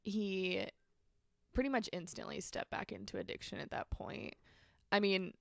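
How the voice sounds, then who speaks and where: A young woman recounts her own story as an interview guest, speaking in a heavily gravelly, fry-laden voice. Her pitch sits in an ordinary middle range, and the sound is close and dry with no room around it. She is candid and chatty, with lots of casual fillers. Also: moderate pace, dry recording. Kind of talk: personal testimony in a podcast interview.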